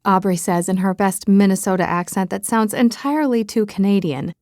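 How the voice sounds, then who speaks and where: Woman narrating a romance audiobook, wry comic tone, mid pitch, dry sound. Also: brisk, darkish tone, dry recording. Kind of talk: scripted first-person narration.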